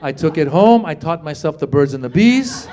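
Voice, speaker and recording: A middle-aged man doing a stand-up comedy set, telling stories with animated delivery and squeaky put-on voices. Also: moderate pace, slight background noise. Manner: animated storytelling, acts out high squeaky voices. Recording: live stage mic, audience laughter. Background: audience laughter and room ambience.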